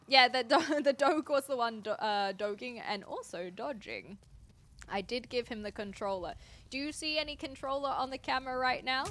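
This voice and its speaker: Bright-voiced woman streaming gameplay. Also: fairly high pitch. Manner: chatty and playful, talking to her dog and chat. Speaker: game streamer. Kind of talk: live-stream gameplay commentary.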